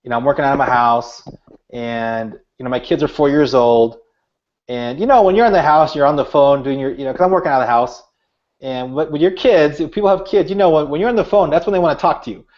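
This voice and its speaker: A man's voice: a little high, fast talker. A middle-aged man, an author and speaker, telling stories earnestly in an interview, with many restarts. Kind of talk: interview, storytelling. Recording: dull lo-fi audio.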